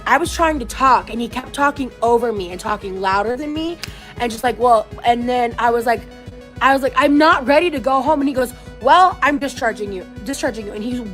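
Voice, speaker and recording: A woman vlogger telling a story casually, animated, swearing and acting out what people said. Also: on the high side, rough recording. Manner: animated, swearing, acts out quotes.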